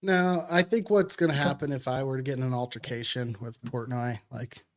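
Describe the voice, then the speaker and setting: A man's voice: medium pitch, steady tone, a little fast. Rambling jokey man talking sports. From Madison, Wisconsin. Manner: rambling, jokey, many fillers. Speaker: podcast co-host. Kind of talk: casual sports chat.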